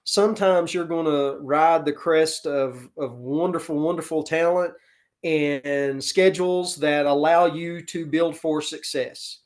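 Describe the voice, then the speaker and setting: Unhurried middle-aged man. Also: on the high side, steady tone. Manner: unhurried, many fillers, earnest. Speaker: podcast guest, football coach. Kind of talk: casual interview talk.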